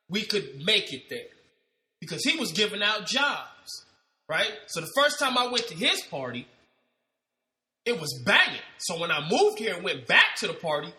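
A man's voice: high-pitched, sharp tone, echoey room. A man from Ohio, a party host and MC, telling a story and acting out the dialogue in slangy, swearing speech. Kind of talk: storytelling monologue.

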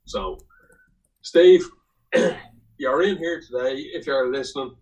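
Slow and mid-range with a darkish tone, the Irish guest's voice meanders through a casual, profane story on the podcast. The audio quality is poor.

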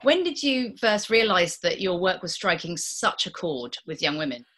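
A woman interviewer asking measured, thoughtful questions. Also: on the low side, very animated, a bit bright.

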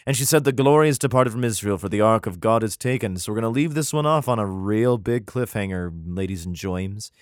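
A man's voice: lowish voice, lively intonation, a little fast, few pauses, dry recording. Brief: young male host, comedic scripture reading, profane sarcastic asides, dry close recording. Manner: crude, sarcastic commentary between archaic verses.

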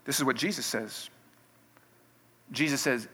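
A man's voice: on the high side, animated, measured pace, pauses often, bright, forceful tone. A man preaching a sermon in a conversational way, with restarts, building in intensity. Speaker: pastor.

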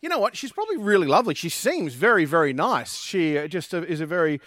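Lively, jokey man co-host. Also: high-pitched, quick pace, no echo. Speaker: podcast co-host. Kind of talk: casual chat recapping a reality show.

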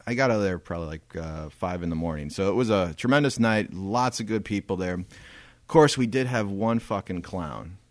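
Man, rambling podcast co-host, cursing and laughing, deep voice, dead-dry sound. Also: normal speed, dry recording. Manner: rambling storyteller, swears freely, laughs often. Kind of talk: casual podcast storytelling.

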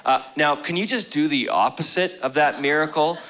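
A man's voice: fairly high pitch, moderate pace, background noise, lightly acted. A man voicing a sheepish young male warrior politely asking for another favor. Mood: sheepish pleading. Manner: overly polite, pleading.

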